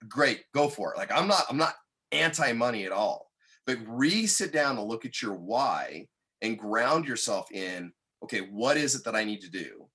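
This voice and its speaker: A man guest on a podcast, telling a personal story in an earnest, candid way that turns animated when he quotes others. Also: mid-range voice, normal speed, slightly rough.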